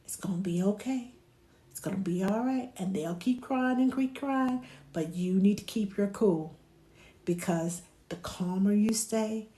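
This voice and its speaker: A childcare provider with a lowish voice chats casually about how to soothe babies, recorded in an echoey room. She goes hushed and soothing when repeating what she tells the little ones.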